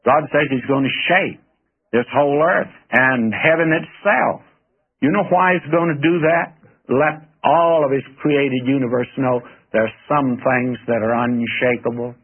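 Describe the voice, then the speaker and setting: A radio Bible teacher preaches a sermon in a folksy, earnest way, addressing his listeners directly. His mid-range voice is husky and unhurried, and the broadcast sounds tinny and phone-like.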